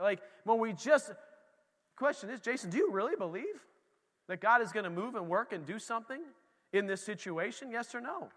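A man preaching a casual sermon as pastor, animated and talking straight to the congregation. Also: high voice, normal speed, big-room sound.

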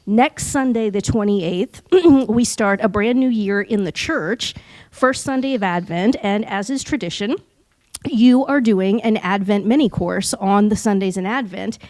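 A woman's voice: mid-range voice, a little slow, a little mellow, no room sound, rough recording. A woman co-hosting a podcast in casual chat, talking in a chatty way with many fillers. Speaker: podcast co-host.

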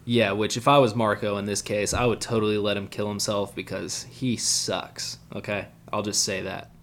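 A man's voice: lowish voice, flat delivery, a bit bright, slight background noise. A man co-hosting a casual podcast, recapping an anime episode in a blunt, joking way. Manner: joking, blunt, mimics characters in quick asides. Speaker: podcast co-host.

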